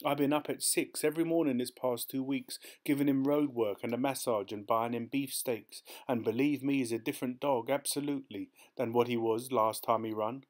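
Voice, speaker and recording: A man's voice: mid-range voice, fairly even intonation, normal speed, hardly any pauses, a little mellow, natural voice. A man voicing a desperate male dog owner in an audiobook, pleading and insisting.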